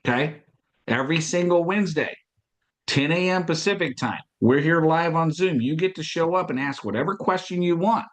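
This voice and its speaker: A man's voice: on the high side, normal speed. A man hosting a podcast, giving an emphatic motivational talk on sales, repeating key points and acting out past conversations. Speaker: podcast host and business coach.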